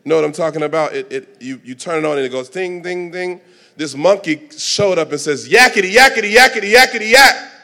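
A pastor preaching a sermon with dramatic delivery, dropping to soft asides and rising to shouts. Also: male voice, fairly high pitch, fairly quick, creaky.

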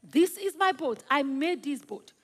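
A woman's voice: high-pitched, animated, measured pace, a bit bright. A woman voicing an eager ten-year-old boy in a spoken story, bursting with joy over his toy boat. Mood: pleading.

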